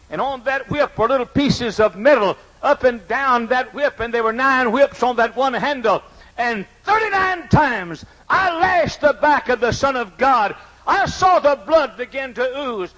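High-voiced, impassioned male preacher. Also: lo-fi sound. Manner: impassioned, speaking as repentant sinners in first person; swings from hushed low pleading to shouting. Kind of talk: sermon.

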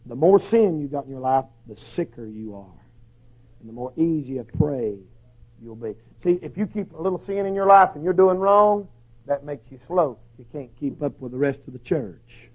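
A hoarse, husky preacher man delivers a sermon in a high voice that leaps all over the place. He shouts in bursts, and he is heard on a dull lo-fi recording. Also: expressive, normal speed.

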